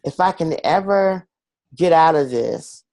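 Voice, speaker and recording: A man's voice: fairly high pitch, expressive, measured pace, vocal fry, darkish tone, no echo. Earnest man telling his story, dry sound. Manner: earnest, confessional, acts out quoted voices. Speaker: guest. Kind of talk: personal storytelling in an interview.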